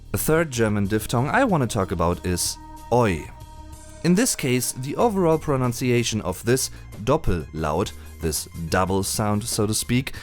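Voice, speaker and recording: A man giving a voice-over lesson on pronunciation, patiently spelling out and demonstrating sounds slowly. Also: fairly low pitch. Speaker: German language teacher. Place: indoors at home during a thunderstorm. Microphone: voice-over, no camera.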